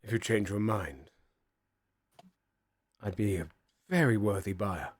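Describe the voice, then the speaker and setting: A man voicing a smug, wealthy male lord who speaks softly and languidly in a tabletop game. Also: fairly low pitch, a little slow, noisy background, lightly acted. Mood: aloof.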